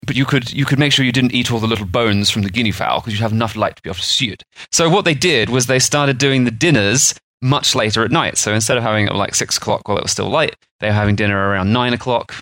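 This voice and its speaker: A man's voice: mid-range voice, fast, few pauses, fairly bright tone, no room sound. A man, co-hosting a podcast and explaining food history in a rambling, chatty way. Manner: rambling, chatty storytelling with fillers. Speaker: podcast co-host. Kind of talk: casual explanatory chat.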